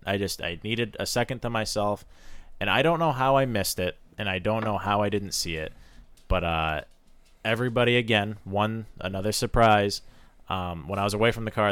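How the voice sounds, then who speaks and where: A young man with a very deep, smooth voice chats on a casual podcast. He tells his story haltingly, with restarts, sincere and plain. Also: fairly bright tone, no room sound. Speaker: race car driver and podcast co-host.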